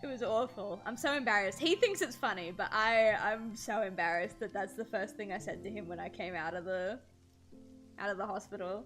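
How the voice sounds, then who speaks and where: A woman's voice: medium pitch, normal speed, fairly bright tone, faint music behind. A young woman streaming while she draws, telling stories in a rambling, slangy way and swearing freely. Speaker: streamer and artist. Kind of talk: casual livestream chat while drawing.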